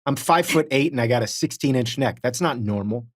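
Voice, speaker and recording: A man's voice: medium pitch, lively intonation, brisk, no echo, clean studio sound. A man co-hosting a podcast, telling self-deprecating stories in casual chat and acting out the people he quotes. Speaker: podcast co-host.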